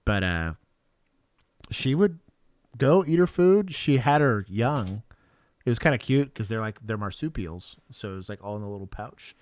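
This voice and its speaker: A man's voice: lowish voice, lively intonation, normal speed, no echo. A middle-aged man from Texas, a former police officer co-hosting a show, chatting casually and telling rambling stories with laughs. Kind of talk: casual chat reacting to bodycam clips.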